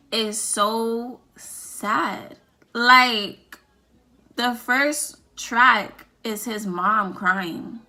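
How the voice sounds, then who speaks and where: A woman's voice: medium pitch, pushed and bright. A woman vlogging her opinionated music review, talking emphatically, repeating lines for effect and swearing casually.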